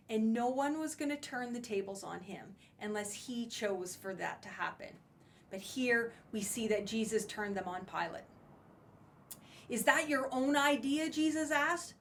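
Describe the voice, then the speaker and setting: A woman with a somewhat high voice teaching from scripture in a church message. She talks plainly and stresses key words with force to drive each point home. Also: fairly bright tone, slight background noise. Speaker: church speaker. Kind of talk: sermon teaching.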